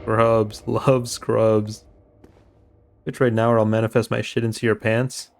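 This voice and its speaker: A man's voice: lowish voice, little pitch movement, a little slow, creaky. Dry-joking man streaming a game. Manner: dry, teasing, chatting with viewers. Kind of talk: casual gameplay commentary. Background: game music.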